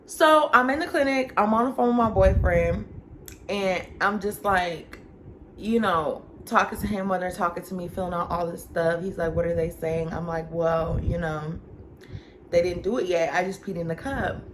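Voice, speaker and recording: A young woman vlogger chatting casually as she tells a personal story, animated and talking straight to her viewers. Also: fairly low pitch, normal speed, slight background noise. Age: young adult. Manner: chatty, animated, addresses viewers as y'all and girl.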